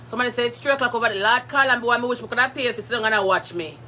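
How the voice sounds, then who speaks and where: A woman with a Jamaican accent hosting a live stream, chatting with viewers in a lively, laughing way and slipping into patois. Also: fairly high pitch, racing, a little hiss or hum. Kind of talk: casual live chat with viewers.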